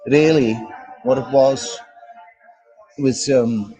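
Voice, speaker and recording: A man's voice: medium pitch, extremely slow, dark tone, soft background music, poor audio. A man co-hosting a casual livestream, greeting viewers by name and bantering in a jokey, sweary way. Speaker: livestream co-host. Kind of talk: casual live-stream chat reading comments. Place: outdoors in a park.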